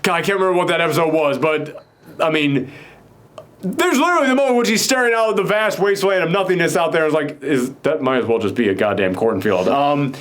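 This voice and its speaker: A man's voice: fairly high pitch, expressive, fairly bright tone. A man casually recapping a TV episode with a co-host, rambling with many fillers. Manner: rambling, filler-heavy, quick mock voices for characters. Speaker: podcast co-host.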